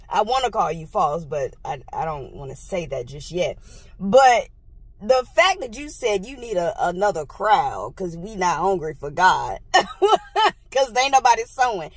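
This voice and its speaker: Woman, vlogger, casual storytime, husky, very expressive pitch, phone mic. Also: no echo. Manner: animated, exclaiming and laughing while telling a story. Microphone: phone held in hand.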